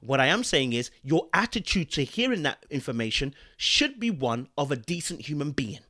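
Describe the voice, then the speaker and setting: A man running his podcast with a somewhat high voice for a man. He talks like he is preaching, emphatic and full of slang, and keeps stopping to ask if you follow him. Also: big pitch swings, normal speed, bright, forceful tone. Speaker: podcast host. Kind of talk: opinionated podcast commentary.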